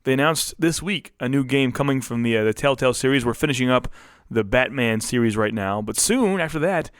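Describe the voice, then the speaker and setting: A man's voice: medium pitch, animated, a little fast, clean tone, no room sound, studio quality. A man co-hosting a podcast, chatting casually and laughing often as he runs through gaming news. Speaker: podcast co-host. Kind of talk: casual chat.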